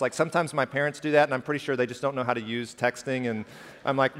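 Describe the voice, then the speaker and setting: A man's voice: mid-range voice, brisk. A man preaching a sermon in a church, talking casually and rising into impassioned outbursts. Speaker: pastor. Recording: hall reverb.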